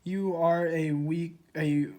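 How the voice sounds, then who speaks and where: A man voicing an excitable young kitty boy in a storybook reading, with energetic exclamations. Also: fairly high pitch, slow pace. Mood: excited.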